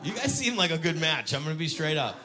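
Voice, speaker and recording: A man's voice: a little high, very animated, fast, background noise. A man doing a stand-up comedy set, chatting with the audience and acting out scenes with exaggerated lines. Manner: banters with the audience.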